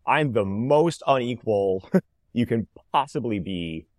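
A man in his thirties, an interview guest, telling his story in a lively conversational way. He acts out the dialogue and uses "like" a lot. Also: mid-range voice, takes it slowly, no room sound, studio quality. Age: 30s. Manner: animated, reenacts dialogue, frequent "like" fillers. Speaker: interview guest, cancer survivor.

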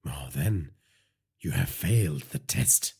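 A man's voice: a bass voice, expressive, slow pace, gravelly, a little mellow, breathy edge, pitched below the performer's own voice, full character voice. A man voicing a cold, commanding vigilante. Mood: menacing. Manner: commanding, emotionless, terse. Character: cold, vengeful male vigilante father. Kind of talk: audiobook character voice.

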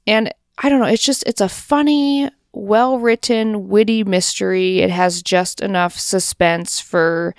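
A woman's voice: medium pitch, steady tone, a little slow, few pauses, no room sound, studio quality. A woman co-hosting a casual podcast, chatting enthusiastically with lots of fillers. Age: adult parent. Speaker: podcast co-host. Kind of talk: casual chat.

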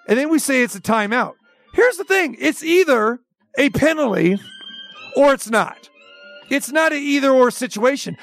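A man's voice: very high-pitched, a bit bright, no echo. A man hosting a sports talk segment, ranting with incredulous rhetorical questions. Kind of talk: opinion rant segment.

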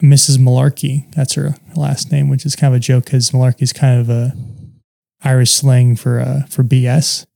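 A man tells his own story in a quiet conversation, earnest and reflective. His voice is dark and mellow with a gravelly edge, and his speech is halting, full of pauses and fillers. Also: medium pitch, level tone. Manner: earnest and open about painful memories. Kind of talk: personal testimony in conversation.

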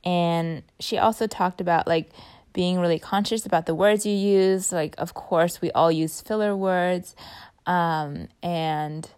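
Young woman, casual chat, slightly low voice, lots of fillers, trails off softly. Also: steady tone, measured pace, clean tone. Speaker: vlogger recapping a speaking workshop.

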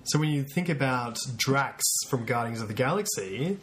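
Aussie guy cohosting a podcast, lively storyteller, bit of hiss in the background. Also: mid-range voice, moderate pace. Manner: animated storyteller, acts out quotes in a raised voice. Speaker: podcast co-host. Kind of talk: casual chat.

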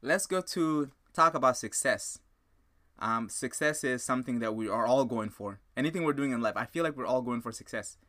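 A man hosting a podcast, telling a motivational story in an animated, excitable way and talking straight to his listeners. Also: medium pitch, normal speed. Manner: animated, excitable, repeats himself, addresses listeners as guys. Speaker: podcast host.

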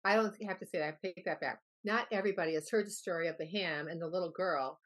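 Woman guest, low-ish voice, chatty and rambling anecdote teller. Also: fast talker. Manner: rambling storyteller, acts out quoted voices. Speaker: guest health expert. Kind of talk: casual interview chat.

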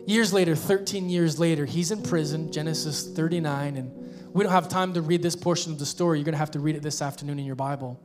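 A man's voice: a little high, fairly even intonation, quick pace, few pauses. A man preaching a sermon as pastor, emphatic and repeating his questions for effect. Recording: guitar music behind.

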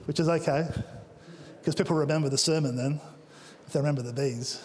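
Joking pastor in a reverberant hall. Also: male voice, fairly high pitch, steady tone, fairly quick, a little mellow. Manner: jokey, playful asides. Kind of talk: sermon. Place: church auditorium.

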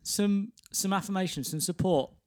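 A man's voice: high voice, moderate pace, darkish tone, no echo. Dry teasing man, close mic. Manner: dry, teasing, laughs often. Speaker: podcast co-host. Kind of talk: casual chat.

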